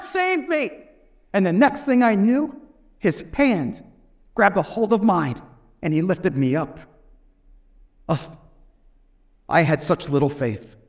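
A man voicing the apostle Peter as a humbled grown man confessing his fear and little faith. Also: high-pitched. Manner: rueful, confessional.

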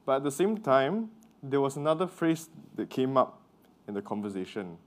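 A man's voice: mid-range voice, sing-song, normal speed. A man whose first language is Mandarin, preaching a sermon in a conversational way and often checking in with the congregation with questions.

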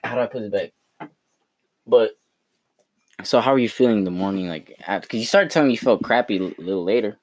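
A young man co-hosting a casual podcast, teasing his friend in a rambling, slangy way. His voice sits on the lower side and sounds dry and close to the mic. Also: fairly quick, pauses often, dry recording. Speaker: podcast co-host. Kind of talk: casual chat.

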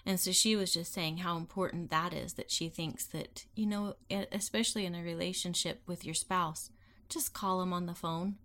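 A woman's voice: on the low side, fairly even intonation, normal speed, fairly bright tone, slight background noise. A woman co-hosting a casual podcast with her husband, earnestly retelling friends' stories and acting out their lines. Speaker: podcast co-host.

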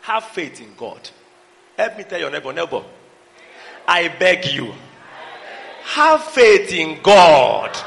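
A middle-aged man preaching a sermon, calling out to the congregation and shouting for emphasis. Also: high-pitched, gravelly. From Nigeria. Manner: preaching with call-and-response, breaking into song and shouts. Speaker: pastor. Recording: long hall reverb.

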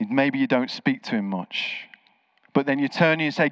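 Through a slightly dull, echo-free recording, a man of medium pitch preaches at a moderate pace. His sermon is full of stories, which he tells animatedly while acting out each character's voice.

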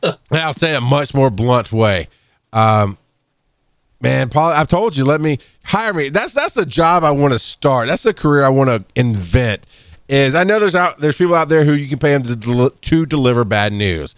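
A man hosting a casual podcast and speaking as an EMS educator. He talks bluntly, laughs often and clears his throat now and then. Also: moderate pace, no echo, studio quality. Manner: blunt and animated, swings up in pitch when fired up.

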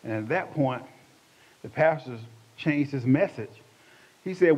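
An older man delivers a personal testimony with dramatic flair, his voice rising high and loud at the peaks and dropping low when he reflects. His pitch sits in the middle range for a man. The recording is dull and lo-fi. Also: lively intonation, measured pace, long pauses. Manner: dramatic storytelling, swings between hushed and loud. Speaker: testimony speaker. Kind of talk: emotional spoken testimony.

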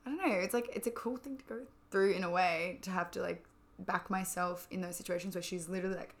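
A woman's voice: lowish voice, fairly even intonation, fast talker. A young woman chatting as a podcast co-host, telling a story with lots of fillers. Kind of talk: casual chat.

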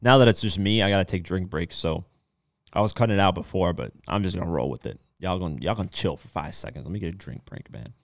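Man, deep voice, solo podcast host, rambling casual talk, dry close sound. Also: fast talker, gravelly, dry recording. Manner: loose, rambling, swears casually.

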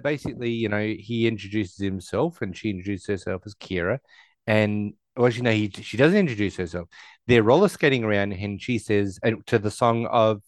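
A man with a fairly low voice rambles through a film recap in relaxed chat, now and then acting out the characters' lines in quick put-on voices. The sound is dry and close. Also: smooth, no echo. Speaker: podcast co-host recapping a film. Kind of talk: casual chat.

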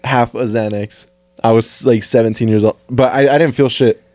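A young man co-hosting a podcast, talking in halting, profane casual speech full of fillers. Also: mid-range voice, fairly even intonation, darkish tone, no echo. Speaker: podcast co-host. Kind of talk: casual chat.

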